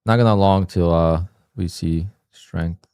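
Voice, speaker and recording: A man's voice: deep voice, steady tone, a little slow, warm tone, clear, resonant tone, no echo, clean studio sound. A man livestreaming his day trading, muttering to himself and scolding himself with sudden frustrated outbursts. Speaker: day trader streaming his trades. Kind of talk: live trading commentary.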